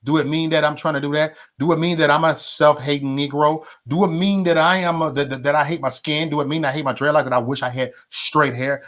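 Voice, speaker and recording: A man's voice: a little high, steady tone, brisk, few pauses, fairly bright tone. A man hosting a livestream, ranting heatedly and profanely at his viewers with emphatic repetition and stammered restarts. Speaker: livestream host.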